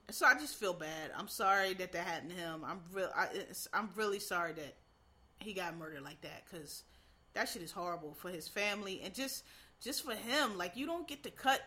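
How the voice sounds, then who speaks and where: A woman's voice: medium pitch, pushed and bright. A woman from Philadelphia, ranting in a blunt, profane, heated way in casual commentary.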